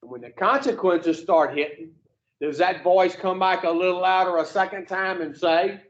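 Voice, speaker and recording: High-voiced man, blunt and profane. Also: normal speed, highs cut off. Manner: profane, plain-spoken, fires rhetorical questions at the room. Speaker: addiction recovery group speaker. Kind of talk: blunt motivational talk to a group.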